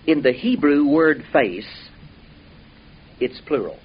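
A man preaching a sermon in a folksy, emphatic way, his voice swelling and then dropping low. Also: animated, slow pace, breathy edge. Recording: dull lo-fi recording with faint hiss.

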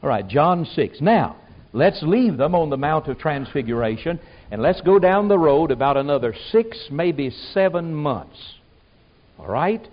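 A man's voice: very animated, measured pace. Folksy preacher man, lo-fi recording. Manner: folksy, emphatic, swings from loud exclamations to low asides. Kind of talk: sermon. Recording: muffled lo-fi sermon recording.

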